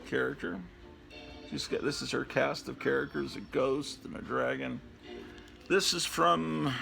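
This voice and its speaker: A man's voice: mid-range voice, creaky, sharp tone, poor audio. A man in his fifties hosting a casual show-and-tell about his old comics, rambling and reminiscing with lots of fillers. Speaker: comic book collector and host. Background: background music.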